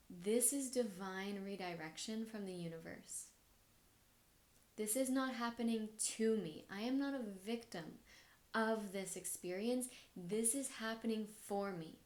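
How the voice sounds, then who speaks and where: A young adult woman hosting a podcast, telling a personal story in a candid, reflective way with soft laughs. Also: medium pitch, measured pace. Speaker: podcast host.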